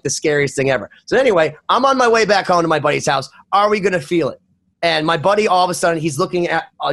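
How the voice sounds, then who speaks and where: A man in casual podcast chat, telling a story with lively swings in his voice for quoted friends. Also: a little high, creaky.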